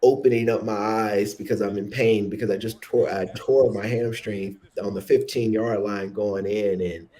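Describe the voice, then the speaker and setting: A man in his thirties, a former college football player, recounting a game in a reflective, halting way with many fillers. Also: fairly low pitch, steady tone, warm tone, poor audio. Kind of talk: casual interview storytelling.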